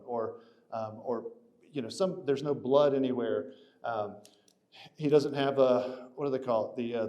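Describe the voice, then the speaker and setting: Mellow-voiced man telling a story. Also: mid-range voice. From Atlanta area. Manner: animated, rambling with many restarts and fillers. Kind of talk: casual storytelling.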